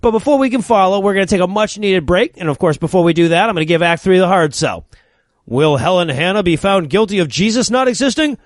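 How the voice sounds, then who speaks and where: A man's voice: high-pitched, expressive, fast talker, no room sound. A man co-hosting a comedy podcast, wryly recapping a movie's plot with jokes. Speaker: podcast co-host.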